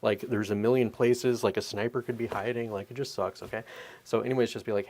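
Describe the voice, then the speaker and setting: A man in his thirties hosting a podcast, ranting in a profane, animated, rambling way. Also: fairly low pitch, brisk. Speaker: podcast host. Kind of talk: casual opinion rant.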